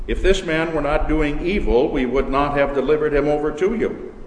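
Here is a man voicing an angry crowd of accusers, loud and insistent. The lines echo off a long, reverberant hall with a faint hum behind. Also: a little high, normal speed, voice pushed up, natural voice.

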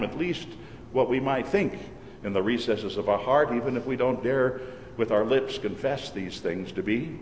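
A man's voice: medium pitch, a little mellow, a little hiss or hum. Man preaching in an echoey church. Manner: measured, earnest preaching with slowed emphasis. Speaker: pastor. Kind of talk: sermon. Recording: echoey church hall with long reverb.

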